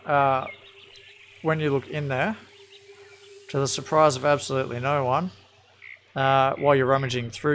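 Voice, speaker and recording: A man running a livestreamed tabletop game as game master, who reads lore aloud and answers players' questions in a relaxed way. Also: medium pitch, a little hiss or hum.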